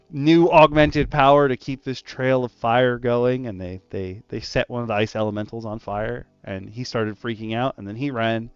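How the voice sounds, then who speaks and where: A man's voice: medium pitch, clean tone, dry recording, dull audio. A man who is a dungeon master, casually recounting a tabletop session and acting out his players' voices. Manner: animated storyteller, acts out his players' voices. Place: online voice call. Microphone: gaming headset.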